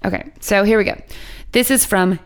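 A woman's voice: mid-range voice, normal speed, clean tone. A woman co-hosting a podcast in casual chat, laughing often and swearing casually. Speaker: podcast co-host.

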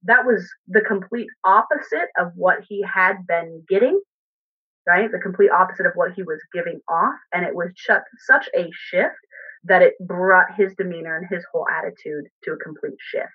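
A woman recounting a work experience in a casual, animated way, with fillers and restarts. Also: lowish voice, normal speed, husky. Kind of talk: casual storytelling. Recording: tinny phone line.

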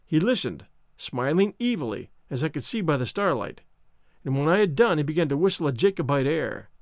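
A man narrating a classic novel in first person with expressive, storytelling delivery. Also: a little high, fairly quick, no room sound, studio quality. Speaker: audiobook narrator.

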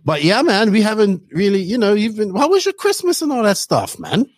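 A man hosting a hobby podcast, rambling casually through news and shout-outs. His voice sits a little high, and it is recorded dry and close with no room sound. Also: wildly swooping pitch, brisk, husky, no echo. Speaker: podcast host.

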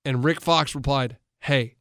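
A man's voice: mid-range voice, unhurried, no echo, clean studio sound. A man, a coach and co-host, in casual sports talk, telling stories eagerly with many restarts. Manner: animated storyteller, retells others' words with many restarts.

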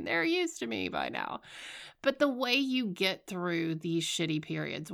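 Candid, nasal-sounding woman podcaster, gravelly. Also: lowish voice. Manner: candid, swearing, laughs at herself, animated storytelling. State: stuffy and nasal. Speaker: podcast host. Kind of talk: casual solo podcast monologue.

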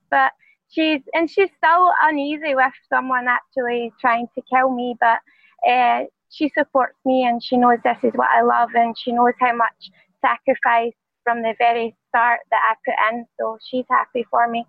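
A woman with a Scottish accent, a professional fighter answering interview questions in a quiet, soft-spoken way. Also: on the high side, level tone, moderate pace, no room sound, dull audio. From Scotland.

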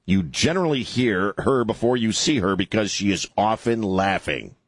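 A man's voice: on the low side, animated, moderate pace, husky, no echo. Sarcastic man hosting talk commentary. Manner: sarcastic, mocking, rambling with many fillers. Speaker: talk show host. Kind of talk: opinionated political commentary.

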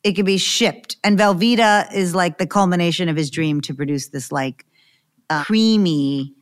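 Female podcast co-host, slightly low voice, animated casual delivery. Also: moderate pace. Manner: animated, laughs often. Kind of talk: casual chat.

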